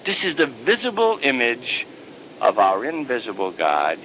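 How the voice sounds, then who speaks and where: Priest spinning a sermon story, pitch all over, bright voice. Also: male voice, normal speed, a little hiss or hum, rough recording. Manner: animated, dramatic storyteller.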